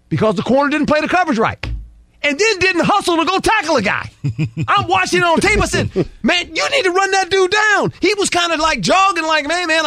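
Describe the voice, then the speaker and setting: A man with a high, lively voice analyzes football as a guest on a sports talk show, recorded close and dry with no echo. His delivery is emphatic and folksy, and he drops into quoted dialogue, voicing players and coaches.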